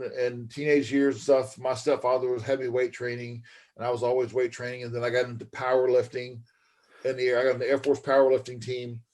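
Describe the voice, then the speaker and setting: A middle-aged man sits in for a podcast interview and tells his life story in a loose, rambling way. He talks folksy, with plenty of man and brother thrown in, at a middle pitch. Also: a little mellow. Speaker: guest, former pro wrestler.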